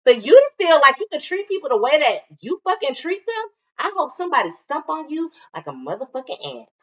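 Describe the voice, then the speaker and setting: A woman's voice: sits high, sing-song, brisk. A woman co-hosting a reality TV review, talking in a blunt, profane, casual way. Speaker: co-host of a reality TV review show. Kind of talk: casual chat. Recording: dull sound from a distance.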